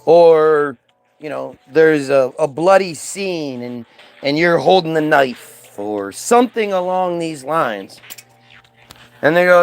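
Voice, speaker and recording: A man's voice: a little high, lively intonation, slow, gravelly, smooth, dry recording. A man telling a long story in a casual monologue, acting out the dialogue and swearing freely.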